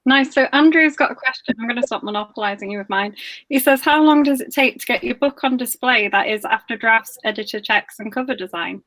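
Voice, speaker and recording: A woman leads a casual interview, friendly and a little tentative in her questions. Her voice is quite high. The sound is close and dry, with no room around it. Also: a little fast, fairly bright tone, no echo. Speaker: book club interviewer. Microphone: video call.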